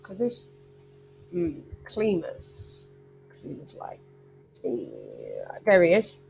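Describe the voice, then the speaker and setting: A woman's voice: medium pitch, huge pitch swings, takes it slowly, creaky, long pauses, soft background music. Chatty woman boxing vlogger. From Britain. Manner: chatty, wandering, talks to viewers. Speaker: boxing channel host. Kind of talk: casual livestream commentary.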